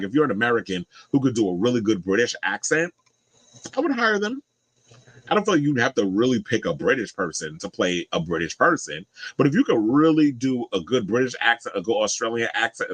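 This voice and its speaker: A man's voice: mid-range voice, fairly bright tone, husky, no room sound, rough recording. A man giving casual pop culture commentary in a blunt, profane, opinionated way.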